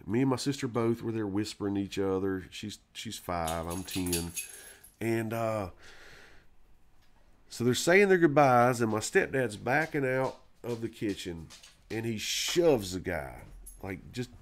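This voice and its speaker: A man with a somewhat low voice tells a personal story in casual live-stream chat. He rambles, stops and restarts his sentences, and fills the gaps with "uh" and "you know". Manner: rambling, with many fillers and restarts. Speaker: live stream co-host or guest.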